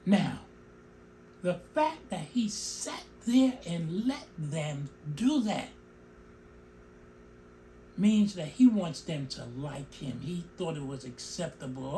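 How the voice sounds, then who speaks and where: A man's voice: on the high side, sing-song, measured pace, dark tone, slight background noise. A middle-aged man hosting his own show, giving an emotional, opinionated commentary that breaks off into asides about his own speech. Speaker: show host.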